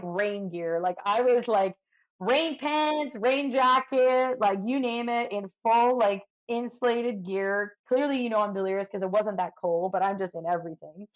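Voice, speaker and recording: Give me a chatty Canadian-born woman telling a story, with dull muffled sound. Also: medium pitch. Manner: chatty, lots of "like" fillers, vivid retelling. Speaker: podcast guest, firefighter and ultra runner. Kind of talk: animated storytelling in conversation.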